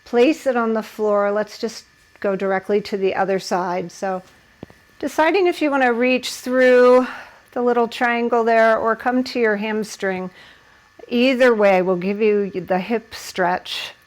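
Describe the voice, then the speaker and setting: A woman's voice: a little high, a little slow, low-quality recording. A woman leading a yoga class, giving encouraging instructions and laughing at herself while she holds the poses.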